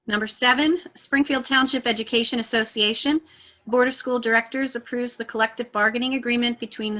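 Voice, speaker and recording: Bright-voiced woman chairing a meeting. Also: a little high, poor audio. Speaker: board president chairing meeting. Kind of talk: formal meeting procedure.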